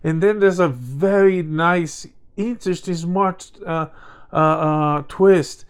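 A man's voice: on the high side, slow, clean tone. A man co-hosting a casual chat show, talking in a rambling way with many restarts and fillers. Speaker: podcast co-host.

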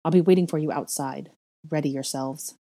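A woman's voice: deep voice, brisk, dark tone. A woman voicing a stern, curt male wizard in a storybook reading, clipped and urgent.

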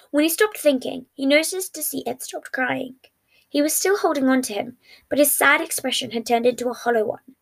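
A woman reads a fan fiction story aloud in a soft, even manner. Her voice sits a little high with a gravelly fry running through it. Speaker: narrator.

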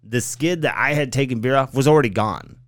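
A man's voice: mid-range voice, brisk, dry recording, clean studio sound. A man co-hosting a podcast in casual chat, telling stories in a laid-back way. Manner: laid-back storytelling, says like and right on. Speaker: podcast co-host.

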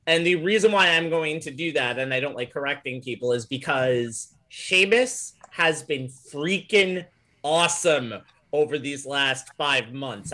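A man co-hosting a podcast in casual chat, opinionated and animated, laughing often. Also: a little high. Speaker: podcast co-host.

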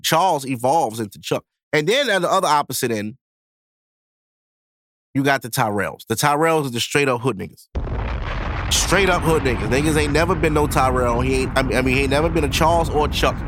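A man's voice: fairly high pitch, a bit bright, no room sound, studio quality. A man hosting a podcast in casual chat, blunt and profane, acting out people as he goes. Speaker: podcast host.

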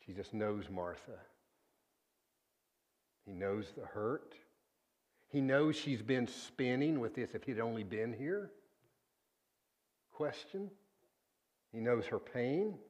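A man delivering a sermon at an unhurried, deliberate pace. His voice sits at an ordinary pitch, and he lets key words sink low and quiet for weight. He sounds earnest and personal. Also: lively intonation. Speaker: preacher.

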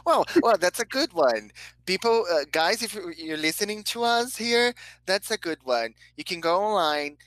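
A woman hosting a casual chat over a video call, upbeat and encouraging, with many quick yeses. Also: lowish voice, lively intonation, fairly bright tone, no room sound, poor audio. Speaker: host.

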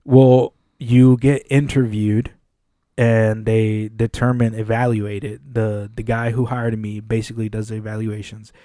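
This podcast co-host has a lowish voice and takes his time recounting a work story in relaxed conversation. He acts out quoted dialogue with lots of energy and frequent swearing. The studio-mic recording is dry and studio quality.

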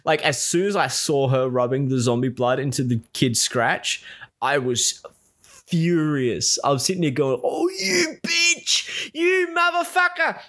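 A man's voice: medium pitch, a little slow. Casual male recapper, profane and exasperated, mimics characters mid-story. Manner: profane, exasperated, acts out quoted lines. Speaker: reviewer recapping a show.

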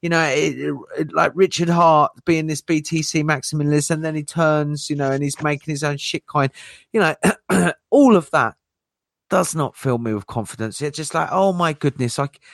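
A man's voice: fairly high pitch, normal speed, creaky, dry recording, studio quality. A man co-hosting a casual livestream who rambles his opinions, packing his talk with "you know" and "like". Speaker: co-host.

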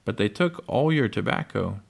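A man reading as quiet, worried pioneer mother. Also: lowish voice, animated, normal speed, creaky.

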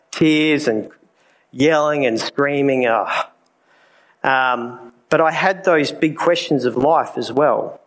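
A man's voice: mid-range voice, poor audio. Candid man sharing his testimony. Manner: candid, conversational, with many fillers. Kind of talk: personal testimony from the pulpit.

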